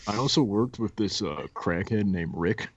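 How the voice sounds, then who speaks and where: A young man with a fairly low voice tells stories in a relaxed, casual way. He slips into quick impressions of the people he worked with. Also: highs cut off, a little hiss or hum. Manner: laid-back storyteller, acts out coworkers with laughs. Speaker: podcast guest. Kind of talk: casual chat, storytelling.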